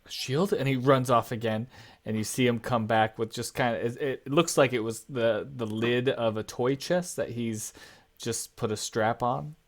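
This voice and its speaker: A man's voice: mid-range voice, fairly even intonation, normal speed. A man narrating a tabletop game as game master, casual with frequent fillers.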